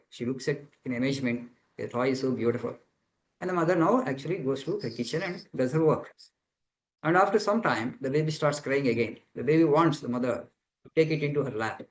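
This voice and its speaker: A man who is a monk speaks fairly quickly in a medium-pitched voice, fielding students' questions during a spiritual talk on a video call. He explains earnestly, repeating phrases as he gropes for words, and the recording is low-quality.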